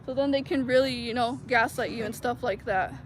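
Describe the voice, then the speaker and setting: A woman vlogger with a voice on the high side talks fairly quickly, telling her viewers a personal story in a rambling, casual way packed with "like" fillers. It was recorded on a noisy outdoor street.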